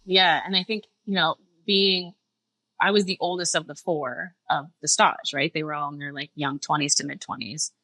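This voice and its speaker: A middle-aged woman from Canada, a chef guest on a podcast, telling her story in a lively conversational way. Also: normal speed, dry recording. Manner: animated, acts out dialogue in a higher voice, laughs often.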